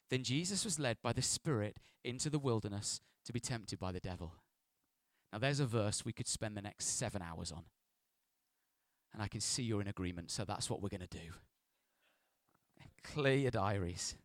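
A man preaches with lively, animated delivery, slipping into quiet asides and then rising to loud, playful peaks. His voice sits somewhat high, and the recording is close and dry with little room sound. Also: no echo. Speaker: pastor. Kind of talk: sermon.

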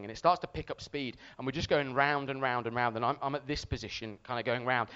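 A man preaching a sermon to a congregation, telling a story with animated, shouted re-enactments. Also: mid-range voice, quick pace, hardly any pauses, clear, resonant tone, highs cut off.

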